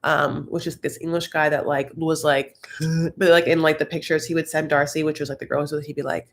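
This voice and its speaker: A woman hosting a casual live recap chat. She rambles with lots of filler words and slips into quick impressions of people. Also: low voice, flat delivery. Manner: rambling and chatty, heavy on "like"; breaks into quick voiced impressions. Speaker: host.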